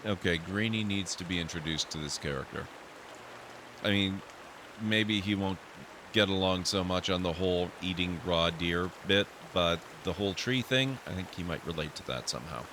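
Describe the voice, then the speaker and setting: A man's voice: deep voice, normal speed, noisy background. A man streaming a role-playing game, reading its narration aloud and adding dry asides. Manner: reads narration aloud steadily, then reacts with dry asides. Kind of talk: reading game text and casual commentary. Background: game music.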